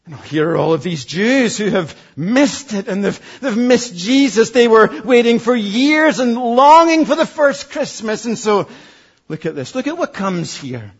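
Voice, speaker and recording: Earnest preacher, high voice, muffled. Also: male voice, big pitch swings, measured pace, breathy edge. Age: 40s. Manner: earnest, swings from loud to hushed. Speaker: pastor. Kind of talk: sermon.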